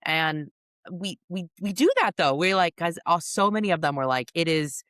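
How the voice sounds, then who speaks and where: A woman co-hosting a podcast, chatting casually and telling animated stories with frequent laughter. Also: on the low side, moderate pace, dry recording, clean studio sound. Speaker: podcast co-host and coach. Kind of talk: casual conversational storytelling.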